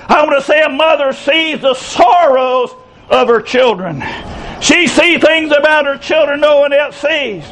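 A man, preaching a folksy sermon, stretching key phrases slowly and breaking into shouts. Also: very high voice, slight background noise, rough recording. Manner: folksy storytelling preacher, drawn-out emphatic phrases, bursts of shouting. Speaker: pastor.

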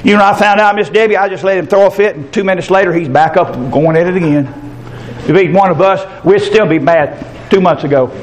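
An older man preaching a fervent sermon, dropping into low asides and then rising into high, shouted passages. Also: fairly quick, slight background noise. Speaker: pastor.

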